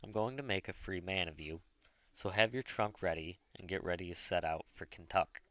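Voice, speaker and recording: A man's voice: low-pitched, moderate pace, sharp tone, dry recording. A man doing a wry, moody wealthy master. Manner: dry and wry. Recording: dull lo-fi dry recording.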